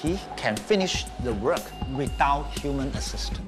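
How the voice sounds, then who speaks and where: A man representing a company, explaining a robot product in a brisk, matter-of-fact way. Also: mid-range voice, animated, over music.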